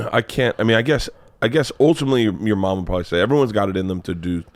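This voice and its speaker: A man's voice: on the low side, fast talker, gravelly, dry recording. A man in his forties hosting a podcast in casual chat, rambling with restarts and swearing freely. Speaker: podcast host.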